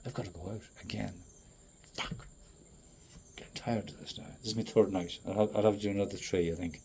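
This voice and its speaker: A man in a profane, rambling monologue that swings between loud outbursts and low muttering. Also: fairly even intonation, fairly quick, gravelly, a little hiss or hum. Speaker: traveling performer.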